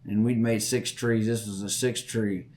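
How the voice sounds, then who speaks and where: A man's voice: on the low side, level tone, unhurried, a little mellow, a little hiss or hum. A middle-aged man hosting a podcast, telling a story in a folksy way and acting out the voices. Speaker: podcast host. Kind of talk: storytelling chat.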